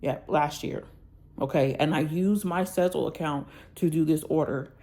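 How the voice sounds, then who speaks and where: A woman's voice: sits low, normal speed, dark tone. A woman venting on her vlog about a bad order, angry and blunt, checking in with her viewers. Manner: angry, venting, addresses viewers with "y'all" and "okay?". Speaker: planner vlogger. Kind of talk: casual ranting vlog.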